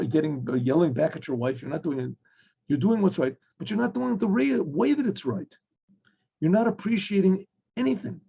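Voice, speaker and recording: A rabbi giving a Torah class in a conversational way, acting out little dialogues and clearing his throat often. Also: a little high, dark tone. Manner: conversational teaching with homely examples and acted dialogue. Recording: muffled lo-fi recording.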